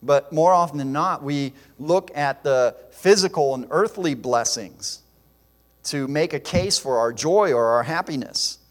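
A man's voice: fairly high pitch, unhurried. A man preaching a sermon in an earnest, emphatic way, with fillers and restarts. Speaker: pastor. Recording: long hall reverb.

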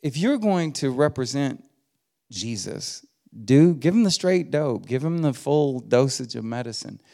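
A man's voice: mid-range voice, very animated, a little slow, gravelly, mellow. Folksy preacher man. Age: middle-aged. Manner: folksy, humorous, building to emphatic exhortation. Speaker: guest preacher. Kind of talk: sermon. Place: church sanctuary.

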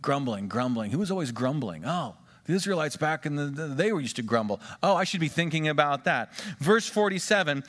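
A man preaching a sermon, swinging between emphatic rises and quiet drops, and drawing the congregation into questions and call-and-response. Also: fairly high pitch, sing-song, fairly quick, hardly any pauses. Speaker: pastor. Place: church sanctuary. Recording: long church reverb.

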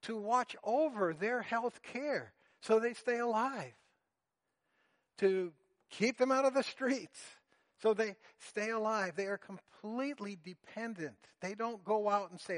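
A man preaching a sermon, earnest and deliberate, explaining a Bible passage to his congregation. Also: sits high. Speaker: pastor.

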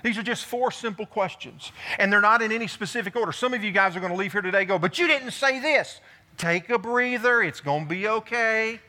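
A male pastor delivering a sermon in a high, bright voice. He tells stories with animated delivery, acting out the dialogue and the people he describes. The tone is lively and conversational from the pulpit. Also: quick pace, few pauses. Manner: storytelling, animated, acts out dialogue with his voice. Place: church sanctuary.

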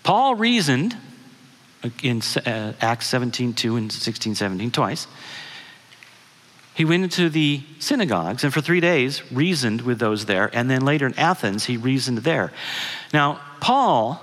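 In a guest sermon, a middle-aged man relates a family story conversationally and asks the audience questions. His medium-pitched, fairly bright voice swings widely in pitch at a measured pace. The hall adds a long reverb.

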